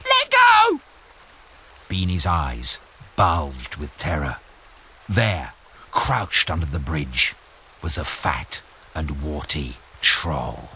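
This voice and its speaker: A man reading a children's storybook aloud slowly and expressively. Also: very deep voice. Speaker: storybook reader. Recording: loud music under the voice. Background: loud music.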